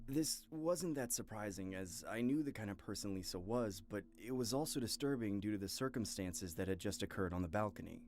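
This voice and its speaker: A man reading scary stories aloud in first person at a steady pace, with a few asides of his own. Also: on the low side, a little fast, few pauses. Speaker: horror story narrator. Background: faint music.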